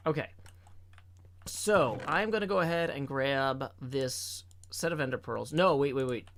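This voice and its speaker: A man streaming a game and chatting casually, rambling with playful deadpan jokes. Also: medium pitch, a little slow, slight background noise. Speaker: streamer and co-host. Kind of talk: casual chat while gaming.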